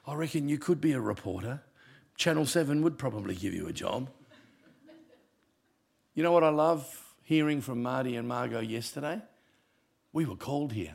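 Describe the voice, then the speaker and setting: A male pastor, preaching a sermon with punchy humour and sudden drops to quiet. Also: medium pitch, normal speed, creaky, husky.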